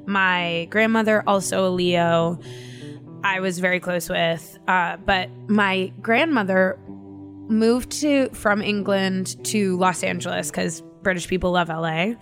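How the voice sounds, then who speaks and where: A woman chatting casually, telling family stories in an animated way, with frequent laughs and swearing. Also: lowish voice, slow pace, faint music behind. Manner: animated storytelling, swears freely, laughs often. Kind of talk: casual chat.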